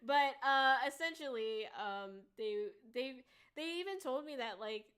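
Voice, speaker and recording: High-pitched woman streamer, super bright sharp voice, blunt and sweary, venting casually. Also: animated, measured pace, clean tone. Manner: blunt, profane, ranting. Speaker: VTuber streamer.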